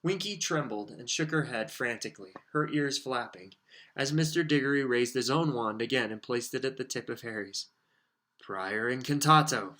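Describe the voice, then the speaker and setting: A man narrating an audiobook in a steady, expressive reading voice. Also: medium pitch, normal speed. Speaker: audiobook reader.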